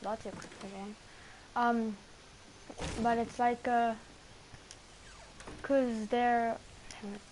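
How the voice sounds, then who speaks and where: Woman gamer chatting while she plays, rambly and self-mocking, kinda high voice, noisy background. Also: level tone, very slow, pauses often, a little mellow. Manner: rambling, self-mocking, full of fillers and restarts. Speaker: gamer streaming a match. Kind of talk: casual gameplay commentary. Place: home, indoors. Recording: clear background noise.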